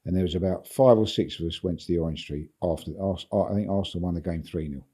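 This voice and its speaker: A man's voice: sits low, fast talker, dark tone. An older English man, a guest on a podcast, telling a long anecdote in a rambling way, repeating words and chuckling as he goes. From England. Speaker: football agent, guest. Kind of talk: anecdotal storytelling in a podcast interview.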